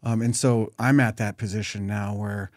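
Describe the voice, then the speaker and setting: Reflective man with a lowish voice. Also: fairly even intonation, normal speed, dry recording, studio quality. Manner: reflective, wistful, thinks aloud. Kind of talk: casual podcast conversation.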